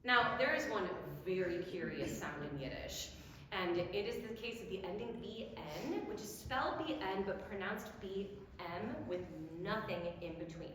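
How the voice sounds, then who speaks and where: A woman giving a diction lecture, slowly demonstrating sounds and having the audience repeat them. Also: medium pitch, animated, a bit bright, slight background noise. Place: lecture hall. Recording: very echoey hall, long reverb.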